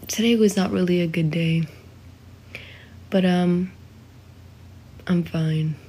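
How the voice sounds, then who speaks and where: Slow-talking young woman live streaming. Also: lowish voice, steady tone, mellow, husky. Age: 20s. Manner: chatty, reads viewer comments aloud, sings snatches of a song. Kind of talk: casual live stream chat. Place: home indoors.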